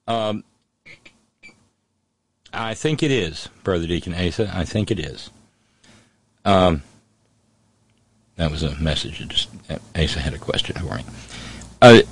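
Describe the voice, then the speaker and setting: A man's voice: low-pitched, fairly bright tone, no room sound. A man hosting a call-in radio show, talking casually with wry, sardonic asides.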